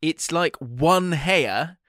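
A man's voice: a little high, extremely slow, a bit bright, dry recording, clean studio sound. A man co-hosting a podcast, chatting casually and joking with frequent laughter. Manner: jokey, chatty, laughs a lot. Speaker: podcast co-host. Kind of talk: casual chat.

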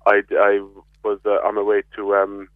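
A man's voice: lowish voice, monotone, normal speed, dry recording. Irish man on a tinny phone line. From Ireland. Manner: stammers and repeats words before getting going. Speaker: gardening expert guest. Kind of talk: casual radio phone-in chat.

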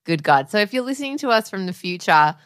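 A woman co-hosting a podcast, chatty and quick to laugh. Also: medium pitch, lively intonation, fairly bright tone. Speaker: podcast co-host. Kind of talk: casual chat.

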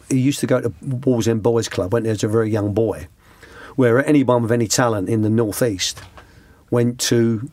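A middle-aged man, a former youth coach, appears as an interview guest telling conversational anecdotes in a mid-range, slightly mellow voice. He rambles, restarts his sentences, and slips into quoted voices. The sound is dry and close, with no echo.

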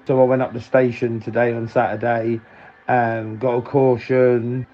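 A man's voice: medium pitch, flat delivery, unhurried, lo-fi sound. A man phoning in a rambling, profane story and laughing as he talks. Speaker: caller. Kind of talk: casual phone-in story.

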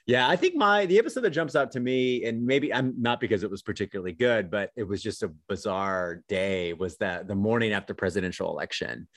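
A man's voice: on the low side, a little fast, hardly any pauses, no echo, studio quality. A man co-hosting a podcast, chatting casually in a rambling way with lots of fillers, then reflecting on a prayer. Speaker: podcast co-host.

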